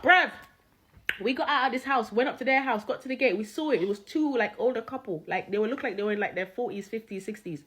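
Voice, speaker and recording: A woman tells a story in an animated, slangy way, laughing and swearing freely. Her voice sits high. She talks like she is chatting with friends. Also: quick pace. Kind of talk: casual storytelling reaction.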